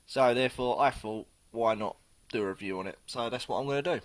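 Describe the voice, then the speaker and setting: A man talks casually to camera while reviewing a beer. His voice sits in an ordinary middle pitch. He rambles, swears offhandedly and keeps restarting his sentences. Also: fast talker. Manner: chatty and rambling, with swearing and frequent self-corrections.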